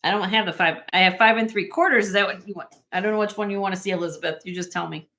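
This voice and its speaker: Woman host, live sale stream, quick item rundowns with friendly asides, bright tone. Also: mid-range voice, fairly even intonation. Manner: brisk item listing with chatty asides and restarts. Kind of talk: casual live-sale chat. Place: at home.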